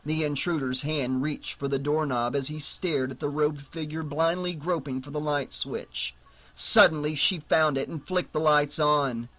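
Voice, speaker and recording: A man narrating a horror novel audiobook in a steady, measured storytelling voice. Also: on the high side.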